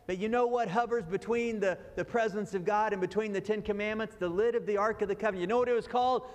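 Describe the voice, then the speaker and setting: A man's voice: sits high, fairly even intonation, fast talker, long reverb tail. A man preaching a sermon as pastor, raising his voice for emphasis and acting out the lines he quotes.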